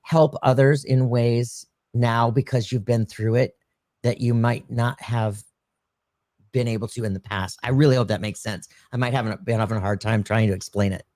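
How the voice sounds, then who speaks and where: A man hosting a live psychic reading, gentle and affectionate, often laughing and restarting his sentences. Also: medium pitch, fairly even intonation, moderate pace. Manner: gentle, affectionate, calls the viewer darling and my dear. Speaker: psychic medium host.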